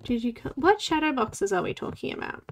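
A woman's voice: high-pitched, sing-song, a little fast. A woman in her forties hosting a live coloring stream, chatting casually, talking to herself and greeting viewers by name. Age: 40s. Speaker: livestream host. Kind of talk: casual chat while coloring.

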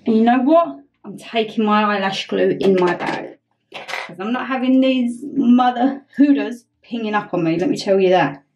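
A woman's voice: a little high, normal speed, darkish tone, highs cut off, faint music behind. A young woman chatting through a getting-ready vlog at home, flustered and self-mocking. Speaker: vlogger.

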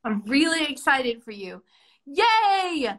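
A young woman with a high, bright voice runs a live-streamed comedy bit. She plays a chipper orientation leader, all bubbly mock cheer. Her delivery stays upbeat and a little over the top. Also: lively intonation, normal speed. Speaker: comedy host playing a Disney World career orientation leader.

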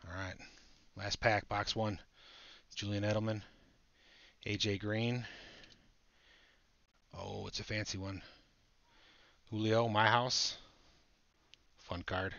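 A man hosting a live trading-card break, chatting excitedly with viewers as he opens packs. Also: fairly low pitch, slow pace, gravelly, long pauses, dry recording. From Buffalo area, United States. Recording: dull lo-fi audio.

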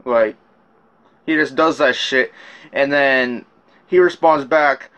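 Slowly, with long pauses, a man with a medium-pitched, fairly bright voice gives his account of a rap beef. He swears a lot, rambles and keeps restarting sentences while going over the messages exchanged.

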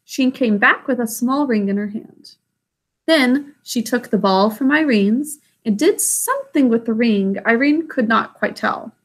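A woman reading a children's book aloud, pausing to explain the story in plain words. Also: a little high. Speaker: story reader.

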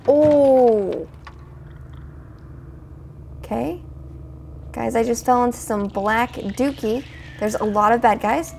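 A woman with a fairly high voice gives let's-play commentary on a creepy game. She chatters to her viewers in a jumpy, excitable way. Faint game music sits underneath her. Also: slow pace, vocal fry, pauses often. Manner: jumpy, chatty, talks to viewers, frequent gasps and exclamations. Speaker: gaming video host.

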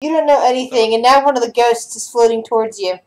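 A woman with a somewhat high voice leads a tabletop game session as game master. She narrates scenes loosely, stumbling and restarting her sentences, and calls for dice rolls between descriptions. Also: steady tone, a little mellow, low-quality recording. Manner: halting, restarts a lot while describing scenes.

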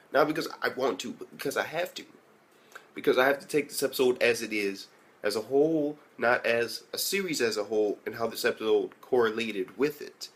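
A male anime reviewer talking casually into a mic. He rambles, swears constantly and leans on fillers, with a mid-pitched voice. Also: a bit bright. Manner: rambling, heavily profane, lots of fillers.

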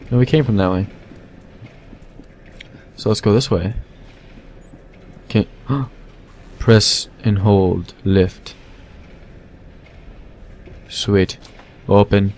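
A young man giving goofy, casual commentary over his own gameplay, talking to his weapons and now and then yelling at them. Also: lowish voice. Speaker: let's play gamer. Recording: faint game noise behind. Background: game gunfire.

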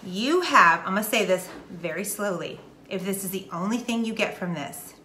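A woman's voice: medium pitch, expressive, moderate pace, bright, forceful tone. A middle-aged woman talking casually to her followers, emphatic and preachy, repeating her key points. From Texas. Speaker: wellness vlogger. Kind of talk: casual direct-to-camera talk. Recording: echoey room, faint noise.

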